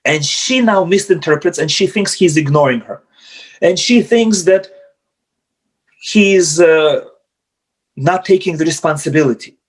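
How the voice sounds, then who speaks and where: A rabbi teaching about marriage over a computer microphone on a video call. His voice sits fairly high for a man, and he slips into the voices of husbands and wives to act out their arguments. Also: lively intonation, a little slow, pauses often, slightly rough. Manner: acts out spouses' quarrels in quoted voices. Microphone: computer mic on video call.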